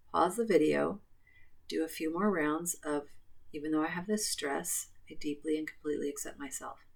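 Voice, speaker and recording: A woman coaching a guided tapping session, calmly repeating affirmations. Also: low-pitched, vocal fry. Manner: calm, repetitive affirmation phrasing.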